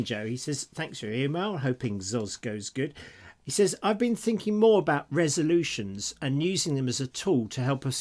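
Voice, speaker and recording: A middle-aged British man co-hosting a podcast in casual chat, who laughs often and reads listener emails aloud. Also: medium pitch. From Britain. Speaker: podcast co-host.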